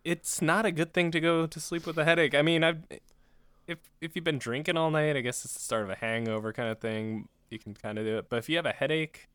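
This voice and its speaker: A man's voice: on the high side, fairly even intonation, fast talker, a bit bright, smooth, no echo. A man co-hosting a podcast in casual comedic chat, making sarcastic jokes. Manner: joking, sarcastic, playful. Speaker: podcast co-host.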